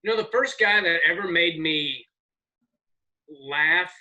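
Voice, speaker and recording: A man in his forties, a comedian guest telling rambling, animated stories in casual podcast chat. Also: fairly high pitch, takes it slowly, dull audio. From American South. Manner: rambling, animated storyteller with profanity.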